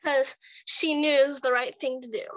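A young woman chats casually in a high, bright voice, telling rambling stories and giggling between lines. She acts out what people said as she goes. The sound is dry and close. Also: fairly even intonation, normal speed, dry recording. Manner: giggly, rambling storyteller who acts out quotes. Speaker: chat partner. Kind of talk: casual chat.

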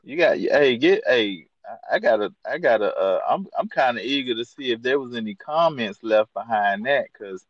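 A man's voice: mid-range voice, lively intonation, moderate pace, few pauses, no echo. A man chatting casually on a podcast, laid-back and joking about himself, with a slightly dull lo-fi sound. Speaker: podcast co-host or guest.

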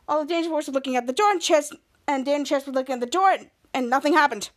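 A woman's voice: high-pitched, very fast. A woman hosting a podcast, giving a rambling casual recap of a TV episode and often restarting her sentences. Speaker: podcast host.

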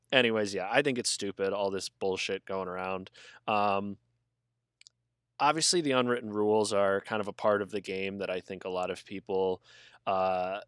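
A man's voice: fairly low pitch, fairly bright tone, smooth, dry recording, studio quality. A man co-hosting a casual sports podcast, talking bluntly and swearing freely as he rambles through his points. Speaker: podcast co-host. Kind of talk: casual chat.

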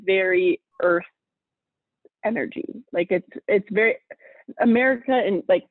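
A woman's voice: mid-range voice, breathy edge, no room sound. A woman co-hosting a casual astrology chat, talking loosely with many fillers. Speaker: podcast co-host. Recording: tinny phone-like line.

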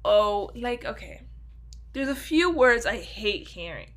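A woman's voice: fairly high pitch, slow. A young woman telling a story in a casual solo podcast, swearing freely and cutting herself off. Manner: swears freely, animated, self-interrupting. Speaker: podcast host.

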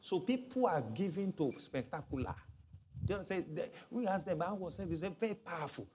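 Lively pastor preaching. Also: male voice, high-pitched, normal speed, slight background noise. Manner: animated, mimics voices in stories, laughs often. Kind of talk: sermon.

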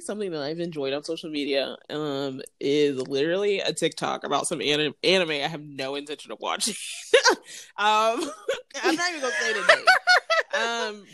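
A woman's voice: low-pitched, no echo. A woman co-hosting a casual podcast, bubbly and giggly, laughing through her stories. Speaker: podcast co-host. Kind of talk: casual chat.

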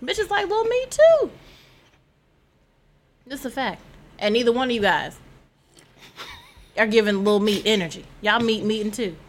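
Woman, 30s, podcast co-host, blunt and teasing, slightly high voice. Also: sing-song, normal speed, long pauses, slight background noise. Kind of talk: raunchy casual banter.

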